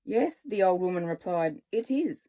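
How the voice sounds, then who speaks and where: A woman voicing a sly little old woman who speaks in a measured, knowing way. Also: on the low side, animated, highs cut off.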